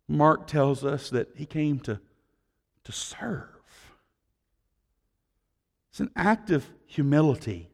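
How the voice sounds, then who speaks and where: A man preaching a sermon as pastor, swinging from loud declarations to hushed tones, with conversational asides to the congregation. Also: mid-range voice, in a large hall.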